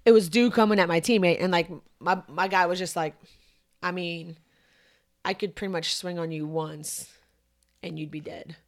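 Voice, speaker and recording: Profane, animated young woman telling a story. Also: on the low side, normal speed. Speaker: podcast co-host. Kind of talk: casual chat, telling a story.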